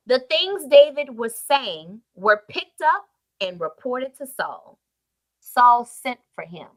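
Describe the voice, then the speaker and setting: A woman preacher retelling a Bible story in a sermon with emphatic storytelling and sudden swings in loudness. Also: fairly high pitch, very animated, slow pace.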